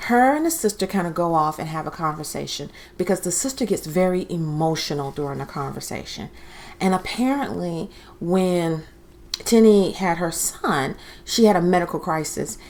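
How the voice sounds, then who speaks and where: A woman with a fairly low voice recapping a reality show in a loose, conversational way. She is chatty and opinionated, and she slips into voices when she quotes people. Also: a little mellow. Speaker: TV recap host.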